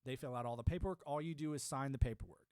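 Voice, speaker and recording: A man's voice: mid-range voice, racing, darkish tone, clean tone, no echo, studio quality. Rambling, chatty man on a livestream. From Arizona, United States. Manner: rambling, chatty, greets chat viewers by name. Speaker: livestream host. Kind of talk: casual livestream chat.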